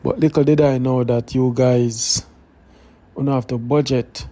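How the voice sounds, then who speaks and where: A man's voice: mid-range voice, steady tone, measured pace, warm tone. A man with a Jamaican accent hosting a live stream, talking earnestly and directly to his viewers, thinking aloud. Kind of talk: casual live stream talk.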